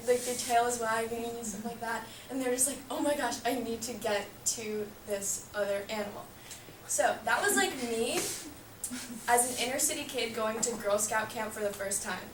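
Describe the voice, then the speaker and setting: A woman's voice: fairly high pitch, recorded from a distance. Teen girl, story to a group, giggly, "like" a lot, echoey room, faint noise. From New York City. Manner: chatty, giggling, frequent "like". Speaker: student storyteller. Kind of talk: casual personal story told to a group.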